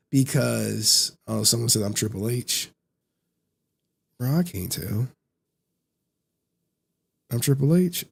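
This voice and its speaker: A man in his thirties chats on a live stream in loose slang, laughing between lines. His voice is gravelly and a little husky, and his pitch swings widely as he tells stories. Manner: slangy, laughs often, animated storytelling. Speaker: streamer host. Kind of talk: casual live-stream commentary.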